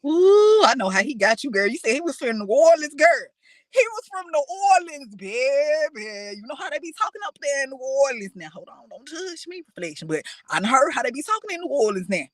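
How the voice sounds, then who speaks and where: A reaction host delivers sassy, profane commentary straight to the viewer. The pitch swings widely and expressively. The recording is dry and close, with no room sound. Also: sing-song, a little fast, a bit bright, no room sound.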